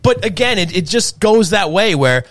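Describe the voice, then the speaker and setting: Male co-host for casual sports talk, animated and rambling, dry close mic. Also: high voice, dry recording. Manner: animated, fast, filler-heavy rambling. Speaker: podcast co-host.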